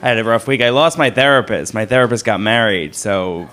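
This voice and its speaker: A man in his thirties doing a stand-up comedy set in a club, with a self-deprecating, deadpan delivery. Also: on the low side, brisk. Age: 30s. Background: audience laughter.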